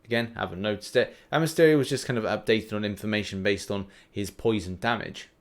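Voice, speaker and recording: A young man hosting a mobile game news show, talking in a chatty, animated way with plenty of fillers and restarts. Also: on the low side, fairly quick. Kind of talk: casual gaming news commentary.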